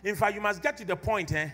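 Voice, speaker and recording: A male pastor delivering an impassioned sermon in church, building to shouted exhortation. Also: sits high, fairly quick, soft background music.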